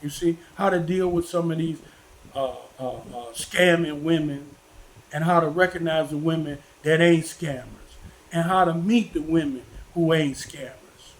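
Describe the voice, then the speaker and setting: A man's voice: a little high, unhurried, rough recording. An older man, a vlogger giving a preachy, folksy talk to his viewers and repeating himself for emphasis. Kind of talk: casual preachy monologue to viewers.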